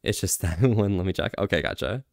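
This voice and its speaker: A man's voice: sits low, lively intonation, a little fast, vocal fry, dry recording, studio quality. A man streaming casually, answering chat, laughing often and trying out phrases in other languages with self-deprecating humor.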